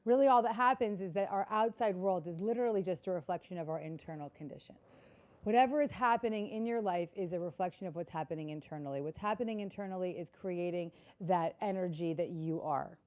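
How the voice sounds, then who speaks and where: A woman's voice: on the low side, brisk, darkish tone. A woman giving a keynote talk to a live audience, earnest and repetitive, often asking the audience questions. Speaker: keynote speaker. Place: conference hall before a live audience.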